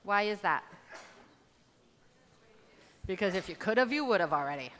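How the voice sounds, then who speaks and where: Woman speaker pumping up a crowd, bright forceful voice, big hall echo. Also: medium pitch, lively intonation, moderate pace. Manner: rallies the audience with direct questions. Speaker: motivational speaker. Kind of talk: live motivational talk.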